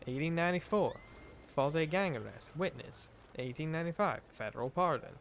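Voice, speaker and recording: A man's voice: on the high side, animated, fairly quick, vocal fry. Man reading game text in a put-on accent. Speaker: streamer. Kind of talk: live game commentary. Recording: background noise over game audio.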